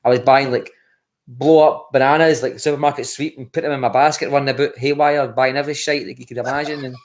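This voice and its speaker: A man's voice: medium pitch, fairly even intonation, fast talker. Blunt Scottish man on a football podcast. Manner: blunt, repeats words, swears. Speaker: podcast co-host. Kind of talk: casual football podcast chat.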